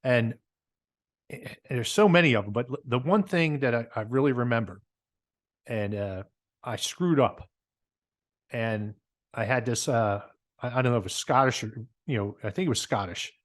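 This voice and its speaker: A man with a New Jersey accent, a guest telling stories in a casual interview, animated and repeating words as he talks. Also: mid-range voice, normal speed, long pauses. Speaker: guest, business owner.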